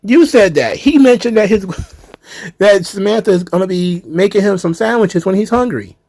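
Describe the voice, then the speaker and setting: A man's voice: sits high, moderate pace, creaky, a little mellow, no room sound. A man hosting a wrestling commentary show, ranting in a heated, sarcastic way with swearing. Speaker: wrestling commentary channel host.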